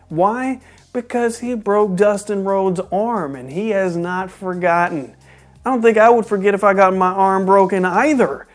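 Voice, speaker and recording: A reviewer from Texas recapping a wrestling show in a casual commentary style, animated and incredulous, with joking asides. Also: mid-range voice.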